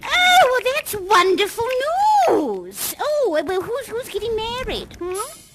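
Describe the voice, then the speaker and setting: A fussy, theatrical party hostess gushes through an improvised tour. Her voice sits high and swoops widely with chatty exclamations. She talks into a headset microphone. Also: very animated, moderate pace, noisy background. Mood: gushing. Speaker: live actor guiding a tour in a virtual reality theater show. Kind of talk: improvised live role-play.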